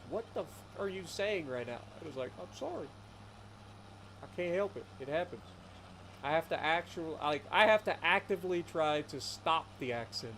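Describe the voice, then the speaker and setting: Appalachian man, casual streamer, clear deliberate talk, faint hiss behind. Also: medium pitch, fairly bright tone, low-quality recording. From Appalachian foothills of Ohio. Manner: chatty storyteller, careful enunciation. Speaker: streamer playing a farming game. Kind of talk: casual live-stream chat.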